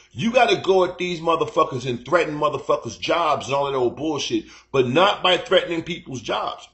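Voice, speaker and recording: Profane ranting man, higher voice. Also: a bit bright. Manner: rambling, repeats "you know what I'm saying". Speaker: live-stream host. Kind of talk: casual live-stream storytelling.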